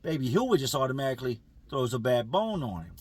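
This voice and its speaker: Husky-voiced man telling a prison story. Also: mid-range voice, fairly quick. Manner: streetwise slang, animated retelling with acted quotes. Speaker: storyteller recounting prison life. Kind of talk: casual spoken storytelling.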